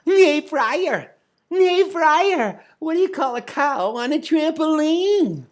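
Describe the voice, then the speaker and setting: A man voicing a chirpy little robot telling a joke, his voice pitch-shifted up and run through a telephone and robot filter. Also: animated, heavily acted. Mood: giddy. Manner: slow, sing-song delivery of a punchline.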